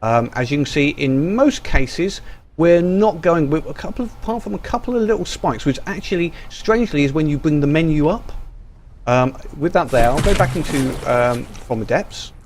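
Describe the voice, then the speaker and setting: A man's voice: on the high side, expressive, normal speed, darkish tone, a little hiss or hum. A man giving casual, rambling gameplay commentary full of ums and restarts, recorded over a screen capture. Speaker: gaming YouTuber.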